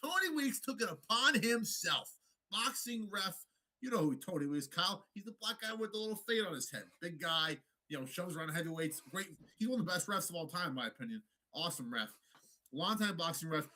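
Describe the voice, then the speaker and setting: A man co-hosting a podcast in loose, profane banter about fights. His voice sits a bit high and swings up and down in pitch. The tone is bright and sharp. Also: brisk. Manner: animated and profane, slips into mock voices. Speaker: podcast co-host. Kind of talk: casual sports banter.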